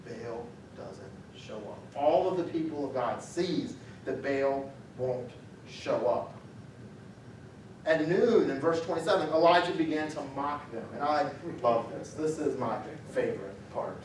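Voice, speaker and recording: Animated preacher in an echoey church. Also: male voice, mid-range voice, a little slow, a little hiss or hum. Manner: animated, acts out the story with raised voice for quotes. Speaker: pastor. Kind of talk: sermon. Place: church sanctuary. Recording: echoey church sanctuary, mic at a distance.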